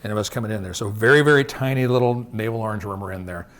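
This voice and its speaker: A man's voice: lowish voice, racing, a bit bright. A man giving a live slide presentation to growers. He talks in a conversational way, tells stories from the field and keeps checking in with "okay?". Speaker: industry presenter.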